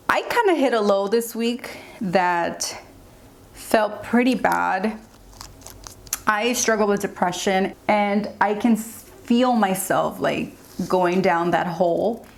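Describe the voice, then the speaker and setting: A woman's voice: medium pitch, vocal fry. A young woman speaks to her audience in a get-ready-with-me vlog. She sounds earnest and open. Her speech rambles, with frequent "like"s and unplanned turns. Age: young adult. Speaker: beauty vlogger.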